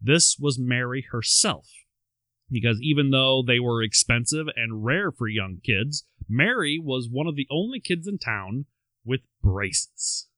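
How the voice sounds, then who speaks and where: A man's voice: medium pitch, animated, measured pace, sharp tone, no room sound. A man co-hosting a podcast, telling a life story and reading quotes aloud, with wry asides between them. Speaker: podcast co-host. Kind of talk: storytelling chat.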